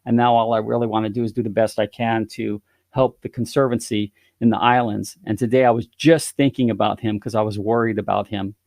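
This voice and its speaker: A man's voice: on the low side, little pitch movement, a little fast, vocal fry, a little mellow, dry recording. A man retelling the words of a young former gang member, spoken earnestly and from the heart, close to his own voice.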